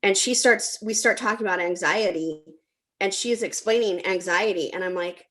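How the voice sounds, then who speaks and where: A woman's voice: medium pitch, normal speed, fairly bright tone. A middle-aged woman hosting a talk, telling a personal story in a chatty way with frequent ums. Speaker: host.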